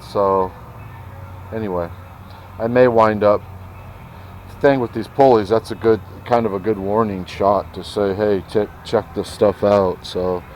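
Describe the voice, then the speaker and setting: Low-voiced man rambling in his shop. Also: steady tone, a little slow, a little mellow, a little hiss or hum, rough recording. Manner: rambling, self-talking, clears throat often. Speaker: vlogger. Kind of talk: casual vlog chat.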